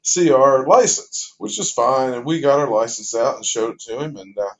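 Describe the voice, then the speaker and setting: A man's voice: mid-range voice, normal speed. Folksy man spinning a yarn. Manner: folksy, rambling with fillers. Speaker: storyteller. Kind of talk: casual anecdotal joke telling. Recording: dull lo-fi recording.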